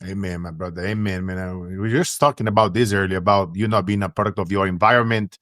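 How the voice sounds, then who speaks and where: A man's voice: sits low, fairly even intonation, quick pace, fairly bright tone, no room sound, studio quality. A man from Brazil, hosting a podcast interview in an affirming, reflective way. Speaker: podcast host. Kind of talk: conversational interview.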